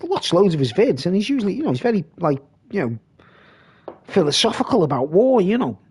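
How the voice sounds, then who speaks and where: A man's voice: high voice, very animated, fairly quick, darkish tone, slightly rough. A man hosting a live stream, rambling casually and reading comments aloud.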